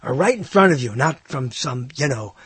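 Older man, rambling monologue, wide swooping pitch, dry close sound. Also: moderate pace, slightly rough, no room sound. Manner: animated, swoops up in pitch for questions. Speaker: speaker musing to listeners.

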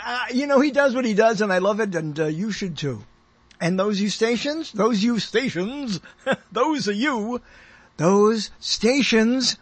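An older man in his sixties talks on his radio show with a high, husky voice. He rambles along in a chatty, self-amused way, chuckling at himself and doubling back mid-sentence. The sound is close and dry, with no room around it. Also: dry recording.

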